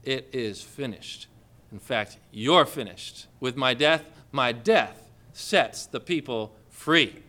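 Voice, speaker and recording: A man preaching who acts out Jesus speaking low, slow and quietly assured. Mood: quietly triumphant. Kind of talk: sermon with acted scripture.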